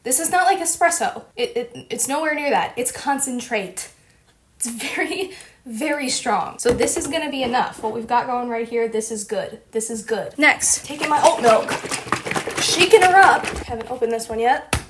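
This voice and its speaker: A young woman with a slightly high voice chats playfully through a casual home how-to vlog. She gushes and jokes as she goes. A faint hiss sits under the recording. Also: expressive, normal speed. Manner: chatty, playful and gushing. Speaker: vlogger.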